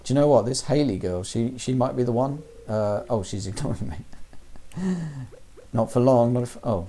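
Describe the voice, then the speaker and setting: A man's voice: medium pitch, normal speed, dark tone. A man doing jokey, chatty let's-play commentary as a gaming streamer. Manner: jokey, chatty, mild slang.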